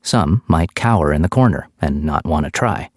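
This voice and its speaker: Male audiobook narrator, low voice, steady measured read, dry close mic. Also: no echo.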